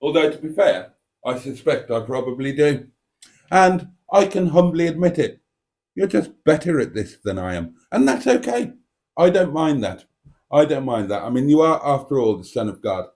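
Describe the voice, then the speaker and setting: A man's voice: a little high, very animated, normal speed, darkish tone. A British man hosting a live stream, chatting in a casual, reflective and self-mocking way. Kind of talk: casual rambling live chat.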